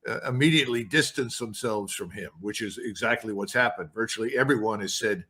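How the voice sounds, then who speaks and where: A man's voice: lowish voice, brisk, pushed and bright. An older man speaking as an interview guest, blunt and emphatic. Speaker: guest commentator.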